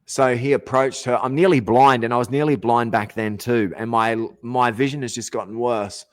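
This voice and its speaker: A man's voice: mid-range voice, steady tone, moderate pace, no echo. Ranting, swearing Australian man. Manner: profane, aggrieved, self-interrupting. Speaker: podcast host. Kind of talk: ranting monologue.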